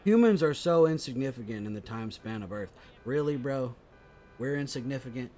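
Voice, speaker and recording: A man co-hosting a casual comedy podcast, riffing in loud, profane rants. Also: mid-range voice, animated, normal speed, slight background noise. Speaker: podcast co-host.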